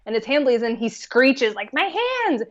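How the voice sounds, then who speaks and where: A woman's voice: a little high, normal speed. Woman guest chatting about a movie, laid back, kinda muffled lo-fi audio. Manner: relaxed, thinks aloud with fillers and laughs. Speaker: podcast guest. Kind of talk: casual film discussion.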